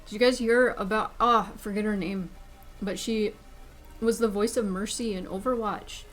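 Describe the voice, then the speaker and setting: A woman's voice: medium pitch, normal speed. Chatty woman streamer, faint music behind. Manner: chatty, excitable, talks while eating. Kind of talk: casual livestream chat. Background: faint background music.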